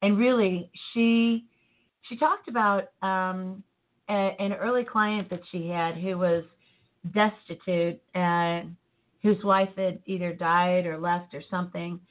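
A woman co-hosting a casual motivational chat, animated and laughing easily, often trailing off mid-thought. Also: lowish voice, slow pace. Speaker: co-host. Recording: tinny phone-like line.

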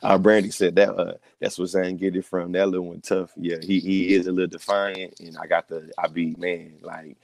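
A man's voice: low-pitched, level tone, normal speed, vocal fry, hardly any pauses, darkish tone, slight background noise, rough recording. A young man co-hosting a talk show, telling stories in a laid-back way with lots of slang. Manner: laid-back storytelling, heavy slang and repeated "you know what I'm saying". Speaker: podcast co-host. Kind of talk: casual chat.

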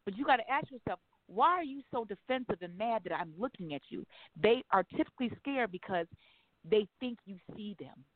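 A woman's voice: mid-range voice, brisk, dry recording. Frank, profane woman on a phone line. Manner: frank, profane, animated storytelling. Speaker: host. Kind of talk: casual radio talk.

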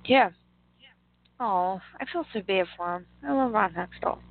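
A woman's voice: mid-range voice, unhurried. A British woman, a guest singer, bantering playfully and laughing in casual chat. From United Kingdom. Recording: tinny phone-like line.

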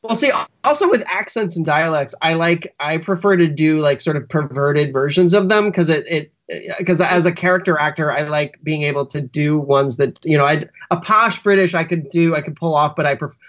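A man's voice: fairly high pitch, moderate pace, few pauses, fairly bright tone. Guy telling showbiz stories on a podcast, rambly, lots of restarts, muffled lo-fi sound. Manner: rambling storyteller, many restarts and fillers. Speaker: guest, writer and actor. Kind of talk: casual anecdote in podcast interview. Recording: dull lo-fi podcast audio.

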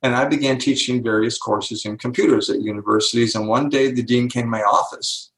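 An older guest author speaks briskly in a medium-pitched voice during an interview, explaining ideas with emphasis. He animatedly acts out the lines of people in his stories, recorded in an echoey room.

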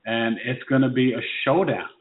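A man co-hosting a casual sports chat, animated and teasing, quick to exclaim. His voice comes through thin and phone-like. It also rings in a roomy, echoey space. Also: mid-range voice, a little hiss or hum. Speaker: sports talk show co-host. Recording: phone-like tinny echoey sound.

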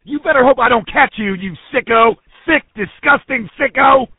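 A man's voice: very high-pitched, normal speed, husky, no echo. A man playing a furious neighbor in a prank phone recording, threatening and accusing. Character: furious male neighbor, middle-aged, accusing. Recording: tinny phone line.

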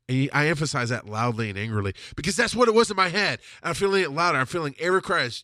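A man, a father and podcast host, telling a confessional personal story with plenty of swearing, swinging from loud outbursts to quiet, subdued lows. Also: expressive, very fast, few pauses, no room sound, studio quality.

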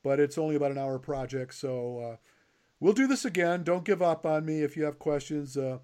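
A man's voice: fairly high pitch, brisk, a little mellow, clean tone. An older man hosting a podcast in a casual, teasing chat with his guest. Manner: joking, teasing. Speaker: podcast host.

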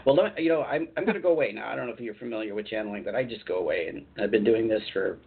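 Talking at a racing pace in a low, gravelly, slightly rough voice, a man hosting a call-in radio show rambles, chats, and laughs easily. He's a radio show host and channeler, heard through tinny phone-line audio.

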